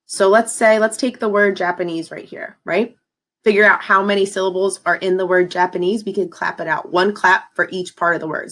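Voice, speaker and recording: A woman's voice: medium pitch, fairly bright tone. A woman teacher talking students through a lesson in an upbeat, encouraging way. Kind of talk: recorded classroom lesson.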